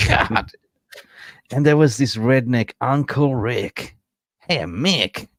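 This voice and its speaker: A man's voice: medium pitch, takes it slowly, dry recording. A man from Sweden, co-hosting a chatty podcast and telling rambling stories full of fillers and chuckles. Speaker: podcast co-host. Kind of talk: casual chat, storytelling.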